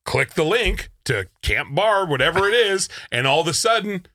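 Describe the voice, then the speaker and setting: A man co-hosting a radio show, telling stories in casual, animated banter. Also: high-pitched, moderate pace. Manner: animated storytelling. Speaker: radio co-host.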